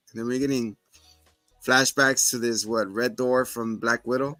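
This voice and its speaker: A man's voice: medium pitch, fairly even intonation, normal speed, pushed and bright, no room sound, faint music behind. A man co-hosting a podcast, casually rambling through scene recaps and acting out quotes. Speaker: podcast co-host. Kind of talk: casual chat.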